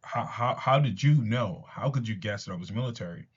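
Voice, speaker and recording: A man's voice: on the low side, normal speed, breathy edge, muffled recording. A man voicing a shaken, desperate male army veteran who stammers.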